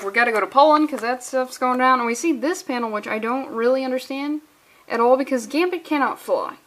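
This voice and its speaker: A woman's voice: sits high, a bit bright. Exasperated woman ranting about comics. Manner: exasperated, sarcastic, profane. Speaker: comic book reviewer. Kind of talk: casual ranting comic review.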